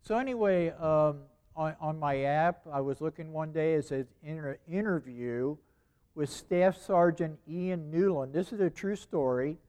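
A man's voice: a little high, a little slow, darkish tone, clear, resonant tone. A man preaching a sermon in a conversational way, repeating phrases and asking rhetorical questions.

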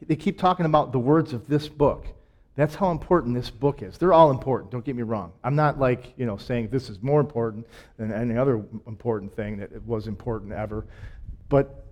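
A man's voice: medium pitch, darkish tone. A man preaching a sermon in a conversational way, with self-deprecating jokes and emphatic repetition.

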